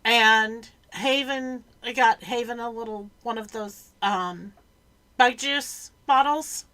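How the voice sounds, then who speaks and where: A chatty woman hosts a casual talk, her voice slightly high and very bright. She tells her story loosely and drops in plenty of ums. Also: takes it slowly. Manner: chatty storyteller, filler-heavy. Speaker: podcast host. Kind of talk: casual chat.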